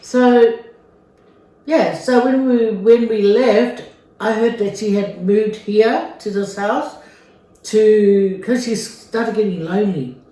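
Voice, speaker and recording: A woman's voice: medium pitch, slow, warm tone, distant mic. A middle-aged woman from Samoa telling a story in a casual, chatty way, with lots of fillers and repeats. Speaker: vlogger. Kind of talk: casual storytelling during a mukbang. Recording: very echoey room.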